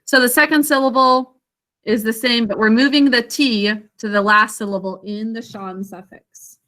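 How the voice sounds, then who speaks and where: A woman's voice: on the high side, fairly even intonation, moderate pace, bright, forceful tone. A woman teaching an online literacy lesson over a video call, carefully sounding out words and encouraging her students.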